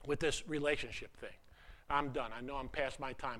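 A man's voice: medium pitch, steady tone, moderate pace, fairly bright tone. A man preaching a sermon to a congregation in a loose, conversational way, often restarting his sentences and joking at his own expense. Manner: conversational, self-deprecating preaching with many repeated starts. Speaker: pastor.

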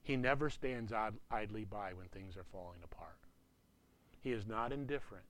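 A man in his sixties, a pastor, preaching in a conversational way, peppering his talk with "you know" and dropping to a hushed voice for emphasis. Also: lowish voice, moderate pace. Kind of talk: sermon.

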